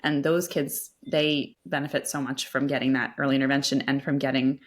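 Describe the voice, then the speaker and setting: Low-voiced woman speech therapist explaining. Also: flat delivery, fairly quick. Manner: explanatory, repeats words when restarting. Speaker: speech-language pathologist guest. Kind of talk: expert explaining in a podcast interview.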